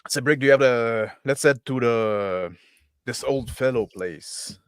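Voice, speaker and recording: Smooth-voiced man playing a pilot character. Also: medium pitch, measured pace, no room sound, clean studio sound. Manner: casual, stop-start narration of his own actions. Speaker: player. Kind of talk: in-character tabletop role-play.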